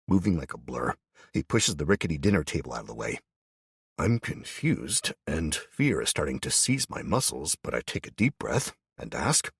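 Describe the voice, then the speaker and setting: A man's voice: extremely low pitch, big pitch swings, moderate pace, vocal fry, slightly rough, no room sound, studio quality. A middle-aged man narrating an audiobook in first person with tense, dramatic storytelling.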